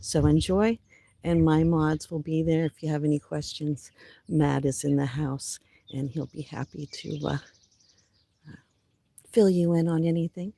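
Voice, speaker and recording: A woman with a groggy, gravelly morning voice hosts a relaxed livestream from her backyard. Her tone is mellow and dark, and she chats unhurriedly, greeting viewers one by one. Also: low-pitched, a little slow, long pauses. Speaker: livestream host. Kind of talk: casual livestream chat.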